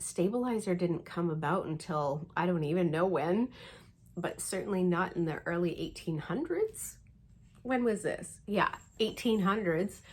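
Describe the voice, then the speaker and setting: A woman's voice: mid-range voice, breathy edge. A woman vlogger telling a story in casual chat, acting out her own reactions with lots of fillers. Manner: chatty with many fillers. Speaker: cross stitch vlogger.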